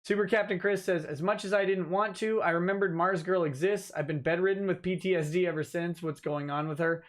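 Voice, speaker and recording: A man's voice: high-pitched, steady tone, a little fast. A man hosting a casual livestream, reading viewer comments aloud and giving dry, offhand answers as a lawyer. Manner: dry, offhand replies to chat.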